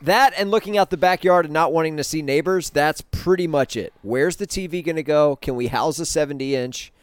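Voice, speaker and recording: A man's voice: on the high side, fairly quick, smooth. A man co-hosting a podcast, trading teasing jokes in casual banter. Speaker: podcast co-host. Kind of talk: casual chat.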